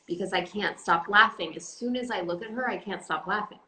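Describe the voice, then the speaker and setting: A woman in her forties, an actress, chatting playfully on a live phone stream and breaking into loud joking yells. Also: mid-range voice, a little fast, a crowd in the background. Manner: giggly, playful, bursts into loud yelling bits. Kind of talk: casual chat on a live stream. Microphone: phone on a live video stream. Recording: roomy phone stream with faint hiss.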